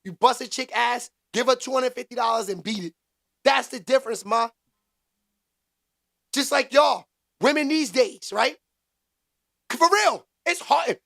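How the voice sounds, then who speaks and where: Answering his chat in street slang, a man hosts a laid-back live stream at a measured pace with long pauses. His high, raspy voice stays animated, and he bursts into loud exclamations.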